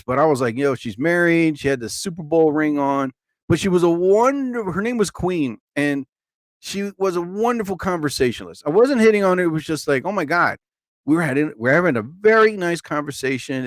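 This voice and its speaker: Male host, casual rambler, bouncy, animated delivery with sudden high exclamations. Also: no echo. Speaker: host of a live show and podcast.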